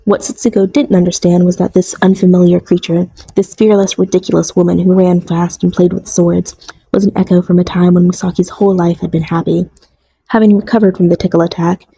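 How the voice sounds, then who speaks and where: A woman reading a novel aloud in an even, measured way. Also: fairly low pitch, slightly rough, rough recording. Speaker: audiobook narrator. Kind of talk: scripted narration.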